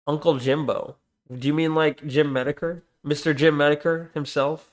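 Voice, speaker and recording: A male streamer with a slightly high voice talks casually as he goes through chat. He breaks off often, restarts sentences and keeps telling viewers to hold on. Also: level tone, moderate pace. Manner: distracted, reads chat aloud, many restarts and "hold on"s.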